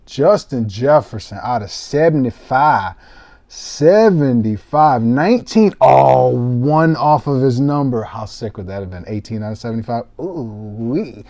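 Young male card-break streamer, mellow tone, dry close sound, hyped and self-deprecating with casual cursing. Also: mid-range voice, a little slow, no echo. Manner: excitable, self-mocking, swears casually. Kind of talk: casual live-stream commentary.

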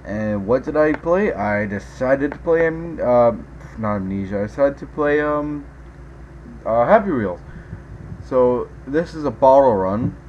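A man giving let's play commentary as a gaming video host, excitable, yelping and groaning at every mishap. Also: medium pitch, a little slow, dull audio, slight background noise.

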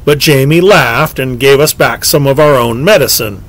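A man reading a story aloud with expressive, lively delivery as a scripted narration. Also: mid-range voice, normal speed, hardly any pauses, rough recording. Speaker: audiobook narrator.

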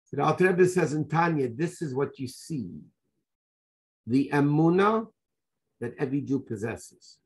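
A man giving a lively Torah class as a rabbi, telling the story with rhetorical questions and Hebrew and Yiddish terms mixed in. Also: a little high, moderate pace, long pauses.

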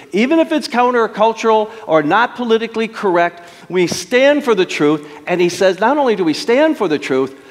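Middle-aged preacher guy, lively swooping voice, long reverb like a big sanctuary. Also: high-pitched. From Detroit. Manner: storytelling preacher, dramatic pauses and emphatic swells. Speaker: pastor. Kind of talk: sermon. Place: church sanctuary. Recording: long church hall reverb.

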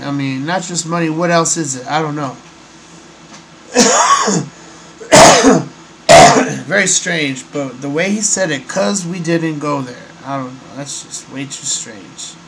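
Rambling man, raised pitch, faint hum. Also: creaky, a bit bright, rough recording. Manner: rambling, hesitant, many fillers. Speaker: host. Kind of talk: casual monologue.

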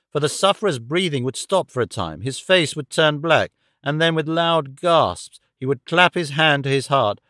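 A man narrating a classic detective audiobook with a measured storytelling delivery. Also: fairly high pitch, a bit bright, dry recording, studio quality.

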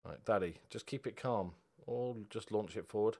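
A young man giving a football video game live commentary, excitable and sweary, moving between quiet muttering and loud outbursts. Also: fairly low pitch, normal speed, gravelly. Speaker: gaming video host.

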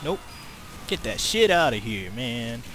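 A young man giving live commentary over an online shooter game, excitable, swearing often and yelping in panic. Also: medium pitch, measured pace, soft background music. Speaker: gamer.

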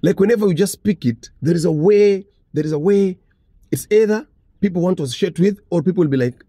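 A man's voice: high voice, fast talker, warm tone, slightly rough, dry recording, clean studio sound. A man from Africa talking casually to the camera, earnest and repeating his points. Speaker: commentator.

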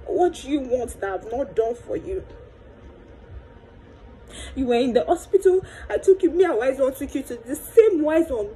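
A woman's voice: high voice, mellow, poor audio. A young woman with a Nigerian accent, pouring out her hurt in a tearful monologue to camera, mixing Pidgin and Yoruba and repeating pleading questions. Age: young adult. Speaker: vlogger.

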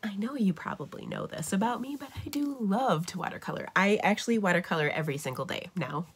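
A middle-aged woman hosts a papercraft livestream, chatting casually and enthusiastically with plenty of fillers, a bit nasal because she's unwell. Her mid-range voice is animated and fast, with a little hiss or hum.

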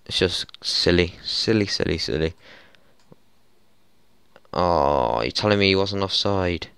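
A young man narrates his football management save in a lowish, smooth voice, recorded dry and close at a desk mic. He grumbles, swears and breaks into exasperated yells at his players. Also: animated, measured pace, no echo. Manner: frustrated, swearing, exasperated outbursts. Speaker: gaming YouTuber. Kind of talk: football management let's play commentary.

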